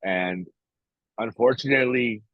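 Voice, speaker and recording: A man's voice: mid-range voice, measured pace, no room sound. A man talking casually on a podcast, blunt and profane, often emotional and restarting his sentences. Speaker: podcast co-host. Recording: dry, tinny phone-like sound.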